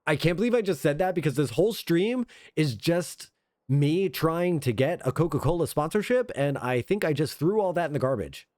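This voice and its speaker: A man streaming a game, chatting in an excitable, rambling, self-mocking way from a home setup. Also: a little high, moderate pace, no room sound, clean studio sound. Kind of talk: casual game stream commentary.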